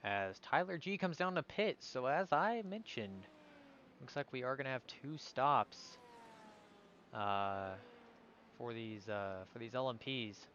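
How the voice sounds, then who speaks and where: A man's voice: medium pitch, expressive, takes it slowly, fairly bright tone, highs cut off, a little hiss or hum. A man giving live commentary on an online sim race, calling out positions and sometimes stumbling over drivers' names.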